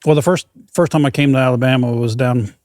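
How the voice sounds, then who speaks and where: A man from Kentucky with a slight Southern accent, a podcast host telling stories in a folksy, animated way. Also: medium pitch, fast. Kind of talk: casual podcast chat.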